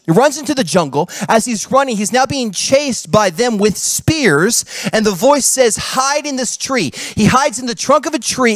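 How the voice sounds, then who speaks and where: A male pastor tells a story during a sermon with dramatic, shifting pacing. His voice is high for a man and carries energy through each turn of the tale. The sound is dry and close, with no room echo.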